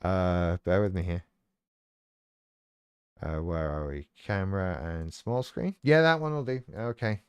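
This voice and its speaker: Smooth-voiced, sweary, self-mocking man. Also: sits low, expressive, measured pace, long pauses, no room sound, clean studio sound. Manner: talks to himself and reacts to viewers' comments. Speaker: live-stream host. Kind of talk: casual live-stream chat.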